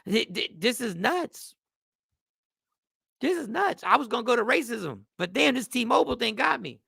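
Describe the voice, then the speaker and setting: A middle-aged man hosting a show, riffing casually and jokingly, swearing freely and reading comments out loud. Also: very high voice, moderate pace, gravelly, husky, no echo, clean studio sound. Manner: animated, joking, swearing, reads chat comments aloud. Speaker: host.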